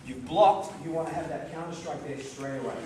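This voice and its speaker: A man's voice: fairly high pitch, a little fast, crowd noise. A man teaching a karate seminar, demonstrating moves and checking in with the group. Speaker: karate instructor. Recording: echoey hall, recorded from far off.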